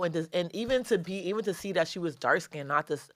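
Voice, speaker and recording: A woman's voice: lowish voice, fast talker, few pauses, no room sound. A young woman from the Bronx with a New York accent, a rapper chatting animatedly in an interview, slangy and swearing freely. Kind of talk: casual interview talk.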